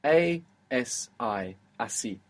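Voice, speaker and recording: A man's voice: mid-range voice, expressive, takes it slowly. Patient male language teacher. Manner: patient, encouraging, explains step by step. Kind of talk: spoken language lesson.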